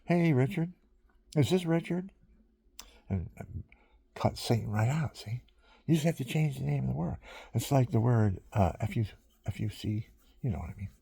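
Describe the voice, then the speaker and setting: A man with a gravelly, husky voice talks on tape in a loose, wandering monologue, drifting between stories and chuckling as he goes. His tone is dark and mellow and sits fairly low. The sound is dry and close, with no room around it. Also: expressive, moderate pace, no room sound. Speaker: monologuist recording himself. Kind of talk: rambling casual monologue.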